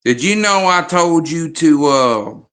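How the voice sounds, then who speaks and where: A man putting on the voice of a stern, threatening elderly woman, with a scolding, drawn-out drawl. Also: a little high, lively intonation, fairly bright tone, pitched above the performer's own voice.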